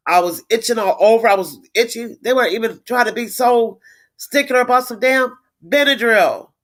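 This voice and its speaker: A middle-aged woman hosts a casual livestream, talking straight to her viewers in a blunt, indignant way with a fairly high, fairly bright voice at a moderate pace. She swears freely and doubles up words for emphasis. Now and then she pauses to read viewer comments aloud and answer them.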